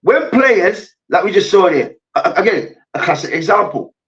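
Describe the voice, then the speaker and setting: A man hosting a heated sports debate, loud and full of swearing, acting out players and coaches as he rants. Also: high-pitched, big pitch swings, normal speed, a crowd in the background. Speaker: host. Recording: distant, dull lo-fi mic.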